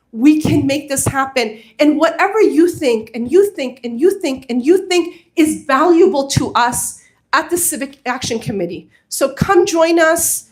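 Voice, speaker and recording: A community organizer with a high, bright voice speaks to a gathering in a mosque's community hall. Her impassioned address is sincere and earnest, full of urgent calls pushing the audience to act.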